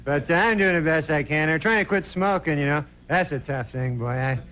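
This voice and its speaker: Man, stand-up comic, high voice, deadpan, rambling, late-night TV stage, noisy old broadcast audio. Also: fairly quick. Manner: deadpan, rambling, many "you know" fillers. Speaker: stand-up comedian. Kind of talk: stand-up monologue.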